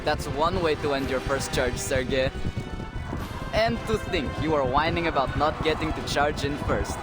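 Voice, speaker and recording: A man's voice: on the high side, moderate pace, over loud music, natural voice. A man doing a cocky young cavalryman. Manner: cocky, mocking. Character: brash young male cavalry soldier.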